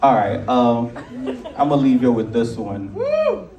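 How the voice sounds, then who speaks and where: A young man with a Nigerian accent doing a stand-up comedy set, animated and jumping into a high voice for acted quotes. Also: measured pace, crowd noise. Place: large theater stage with live audience. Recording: roomy theater sound, distant mic, loud audience laughter.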